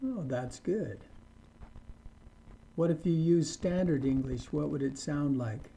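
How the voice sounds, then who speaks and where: Slow, dark-voiced male English teacher. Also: a little high, gravelly. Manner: slow and deliberate, models example sentences. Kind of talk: slow scripted grammar lesson.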